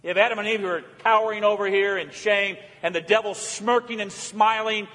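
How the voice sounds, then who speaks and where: A male pastor preaching a sermon, impassioned, moving between loud calls and hushed pleas. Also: sits high, steady tone, a little fast, big-room sound.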